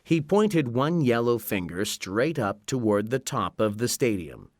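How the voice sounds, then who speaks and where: Slow, expressive male storybook narrator. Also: lowish voice, no room sound, clean studio sound. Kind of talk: scripted narration.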